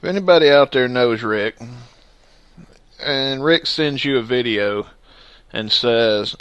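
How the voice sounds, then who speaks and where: A man's voice: medium pitch, slow pace, long pauses, fairly bright tone, smooth, no echo. Jokey upbeat podcast host man. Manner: jokey and upbeat, laughs often. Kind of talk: casual podcast chat.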